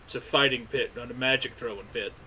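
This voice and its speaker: A man's voice: mid-range voice, sharp tone, slightly rough. A man running a tabletop game as game master, describing scenes and calling checks. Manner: descriptive, brisk asides. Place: home streaming setup.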